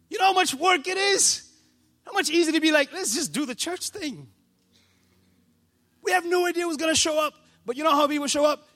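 A man pastor delivering a passionate sermon to his church, building to shouts. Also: very high-pitched. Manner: passionate, preaching with rising shouts.

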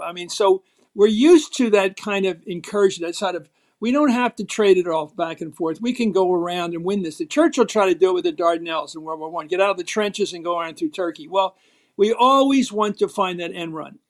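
Emphatic older man with a Philadelphia accent. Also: high voice. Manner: emphatic, storytelling, acts out quotes. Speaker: guest, former TV political host. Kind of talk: animated interview talk.

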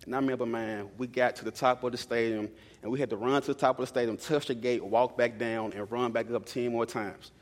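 A young man delivers a sermon in a loose, conversational storytelling voice, often repeating key lines for emphasis. His pitch sits in the middle of the usual range for men. The sound rings out with the long reverb of a large church hall. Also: fairly even intonation, fairly quick, hardly any pauses. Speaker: preacher.

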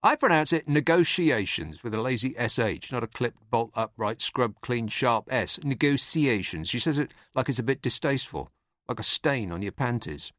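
A man hosts a podcast, delivering a scripted comic monologue with dry, sardonic timing. His voice sits in a middling pitch, and the sound is dry and close. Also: animated, moderate pace, fairly bright tone, no room sound. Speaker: podcast host.

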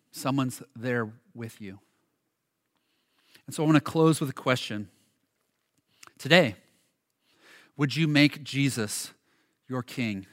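A man preaching a sermon as a pastor, earnest and halting, often restarting his words and shifting between quiet and louder passages. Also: mid-range voice.

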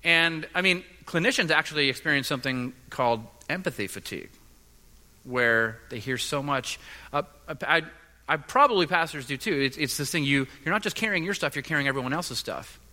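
A man preaching a sermon as a pastor, earnest and halting, often repeating his words. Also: a little high, expressive, bright, forceful tone. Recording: long reverb of a large hall.

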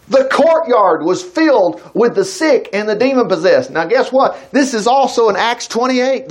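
A man's voice: high-pitched, lively intonation, moderate pace, hardly any pauses. A man preaching a conversational sermon, reading scripture aloud and breaking off into chatty, folksy asides.

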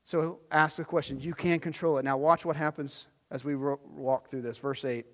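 A man preaching from the pulpit, his somewhat high voice carried by the long reverb of a large hall. He moves from loud, pressing emphasis to hushed, low lines as he drives each point home. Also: fairly even intonation, normal speed. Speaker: pastor. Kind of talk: sermon.

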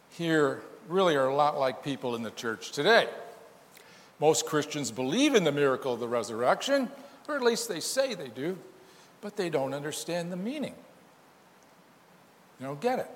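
A pastor delivering a sermon, his somewhat high voice rising and falling with lively swings as he presses his points with emphatic rhetorical questions. His words ring out with a long reverb, as in a large church sanctuary.

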